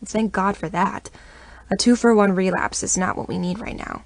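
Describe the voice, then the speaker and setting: A woman narrating a first-person romance audiobook in an intimate, expressive reading voice. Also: medium pitch, moderate pace, vocal fry, dry recording.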